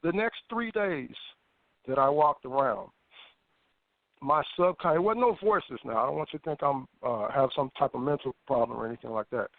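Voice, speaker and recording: A man, a guest on a phone interview, telling a personal story in a lively way, with stammered restarts and acted-out thoughts. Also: mid-range voice, normal speed, no room sound. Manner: animated, stammering restarts, acts out his own past thoughts. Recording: tinny phone line, dry.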